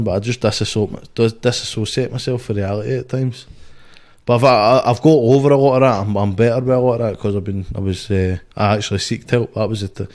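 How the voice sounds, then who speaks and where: Young Scottish boxer, low voice, loose and sweary, rambling storyteller. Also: male voice, darkish tone. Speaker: guest, boxer. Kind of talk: casual podcast chat.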